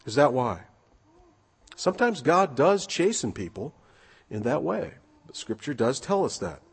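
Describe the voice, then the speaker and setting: A man delivering a sermon in a husky, slightly breathy voice. He preaches earnestly, reads scripture aloud and presses his points with rhetorical questions. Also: mid-range voice.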